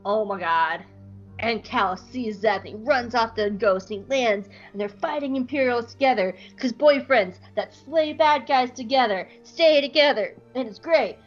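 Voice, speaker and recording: A woman podcast co-host retelling a fan story in a casual, giggly, animated way. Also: fairly high pitch, normal speed, few pauses, faint music behind. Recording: dull lo-fi podcast audio.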